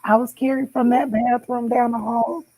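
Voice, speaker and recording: A woman's voice: fairly high pitch, fairly even intonation, moderate pace, dark tone, no echo, low-quality recording. Heartfelt woman giving a tender testimony. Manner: heartfelt, tender, rising to pleading intensity; addresses listeners with "y'all". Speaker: guest sharing a personal testimony. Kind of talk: emotional testimony to friends.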